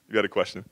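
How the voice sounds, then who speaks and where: A middle-aged man with a mid-range, slightly bright voice speaks at a workshop. He casually tells the audience stories, repeatedly using "you know" and "right?"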